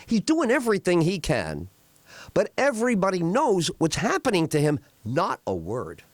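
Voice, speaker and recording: Emotional, rambling New radio host. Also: male voice, a little high, gravelly, no echo. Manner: emotional, rambling storytelling with restarts. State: tearing up. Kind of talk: casual talk radio monologue.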